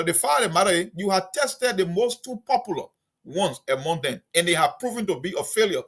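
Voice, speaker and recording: A man argues politics on a talk show. His voice sits a little high for a man. He reasons his case step by step in an argumentative way. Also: very animated, a little fast, a bit bright. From Liberia. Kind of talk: political debate.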